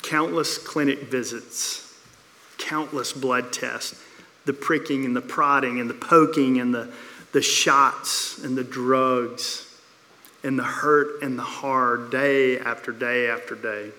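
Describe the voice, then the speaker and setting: A man preaching a sermon, telling a story with repeated phrases and dramatic pauses. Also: mid-range voice, fairly even intonation, pushed and bright. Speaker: pastor. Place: church sanctuary. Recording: long reverb of a church hall.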